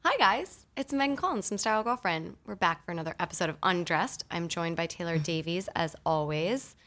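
Low, gravelly-voiced woman podcast host. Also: animated, fairly quick, a bit bright. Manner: upbeat, laughs often. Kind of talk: casual podcast chat. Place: podcast studio.

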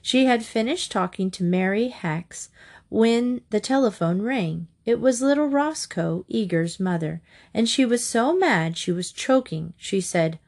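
Woman narrator reading a kids' book aloud; lively and expressive. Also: fairly low pitch, measured pace. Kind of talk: children's storybook reading aloud.

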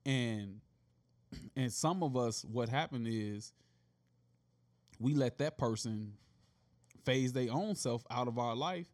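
A man's voice: medium pitch, slow pace, pauses often, darkish tone. A tipsy man co-hosting a laid-back talk show, rambling and joking with many fillers. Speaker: podcast co-host. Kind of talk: casual chat.

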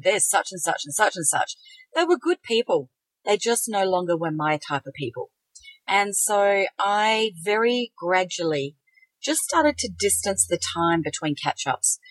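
In a dry recording of poor quality, a middle-aged woman speaks at a medium pitch. As co-host of a conversational podcast, she reflects thoughtfully and shares things from her own life.

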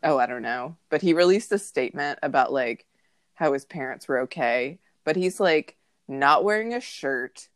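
A woman's voice: sits low, lively intonation, normal speed, dry recording, studio quality. A woman co-hosting a podcast, chatting casually with a sarcastic, gossipy manner. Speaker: podcast co-host. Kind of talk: casual chat.

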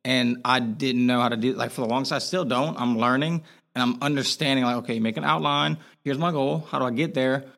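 A man's voice: mid-range voice, brisk, creaky, fairly bright tone. Casting: young adult male guest, candid and loose, filler-heavy everyday speech. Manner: casual, frank, lots of "like" fillers. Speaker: podcast guest. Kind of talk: candid conversational interview.

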